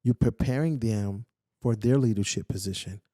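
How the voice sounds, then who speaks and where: A man's voice: fairly low pitch, moderate pace, dark tone, dry recording, clean studio sound. A man hosting a podcast interview, talking reflectively and asking searching questions. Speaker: podcast host. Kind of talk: casual conversational interview.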